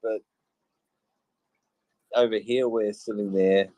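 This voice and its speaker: An Australian man talks in a fired-up, exasperated way, laughing off his own outbursts. His voice sits low and dark. The sound is close and dry, with no room around it. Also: fairly even intonation, slow pace, no room sound, rough recording. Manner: heated, exasperated, apologetic laughs. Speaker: Twitter Space speaker. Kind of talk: casual live audio discussion.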